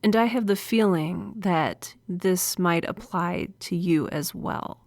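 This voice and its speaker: A woman's voice: fairly low pitch, slow, darkish tone, dry recording. A woman hosting a solo podcast, talking in an earnest, confiding way with a smile in her voice, close to a microphone. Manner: earnest, confiding, smiling delivery. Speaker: podcast host. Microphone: studio microphone.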